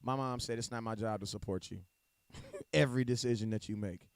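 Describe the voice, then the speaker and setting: A mid-range, clean-toned male voice with no room sound talks fairly quickly over a home mic during a live stream. The adult co-host, who has a young daughter, talks sports casually, using loose slang and laughing often.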